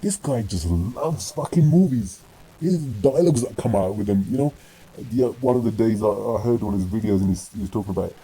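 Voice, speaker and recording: Blunt, scolding man with a husky voice. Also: on the low side, brisk, dark tone, poor audio. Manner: blunt and scolding, swears freely, switches between English and Punjabi. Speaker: commentator. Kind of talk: video rant.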